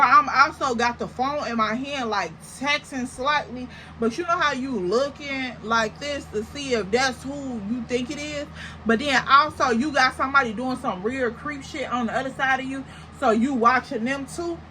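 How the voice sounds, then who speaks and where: Animated young woman telling a story. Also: sits high, a little hiss or hum, low-quality recording. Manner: animated, slangy, exaggerated comparisons. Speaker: storytime vlogger. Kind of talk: casual storytelling to camera.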